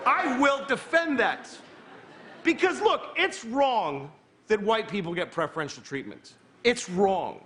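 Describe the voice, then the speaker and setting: A man in his fifties doing stand-up comedy, telling stories in an exasperated, animated way. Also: high-pitched, unhurried, a little hiss or hum. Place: stage before a live audience. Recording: live show with loud crowd laughter.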